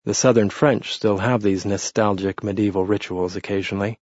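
A man voicing a cool, sarcastic Bavarian lawyer in an audiobook, with a husky, dry delivery. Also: on the low side, steady tone, moderate pace, a little mellow, no room sound, dull audio, lightly acted. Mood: ironic.

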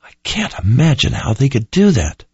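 A man voicing a compassionate young woman in an audiobook, his voice lifted higher for her. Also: huge pitch swings, moderate pace, vocal fry, breathy edge, no echo, full character voice. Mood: horrified. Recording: dull lo-fi dry recording.

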